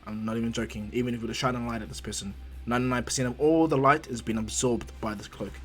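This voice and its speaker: A man's voice: medium pitch, steady tone, quick pace. A man casually narrating his own fan story, rambling with lots of fillers and restarts.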